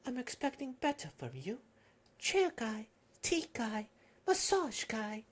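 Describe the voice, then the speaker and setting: A woman's voice: on the high side, sing-song, slow pace, heavily acted. Woman voicing a haughty young girl clan boss, bossy, cool, anime fan dub.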